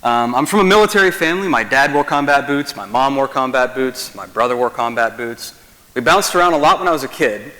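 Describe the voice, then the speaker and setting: A young man from Kentucky giving a keynote, talking in a loose, chatty way full of ums and likes. His voice sits at an ordinary middle pitch. Long reverb from a large hall trails behind his words. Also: pushed and bright. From Kentucky, USA. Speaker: keynote speaker. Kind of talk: casual speech to an audience.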